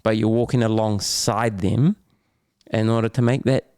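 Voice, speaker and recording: New Zealand man, low voice, dry close sound, casual rambling talk, slang, middle-aged. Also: fairly even intonation, moderate pace, darkish tone, clear, resonant tone, no room sound. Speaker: podcast guest, Muay Thai champion. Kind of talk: candid casual conversation.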